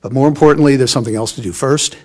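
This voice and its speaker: A man's voice: mid-range voice, very fast. A man giving an emotional, folksy and encouraging commencement speech in a large hall. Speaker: commencement speaker.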